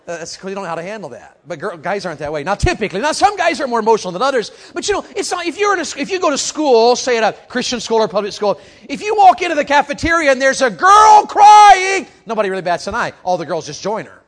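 A man preaching a youth sermon, animated and calling out questions to the crowd, moving from quiet talk to shouting. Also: high voice, very fast, few pauses.

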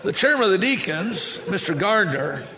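A man preaching a sermon as a story, animated, with stammering restarts that build to shouting. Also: high voice, normal speed, long reverb tail, lo-fi sound.

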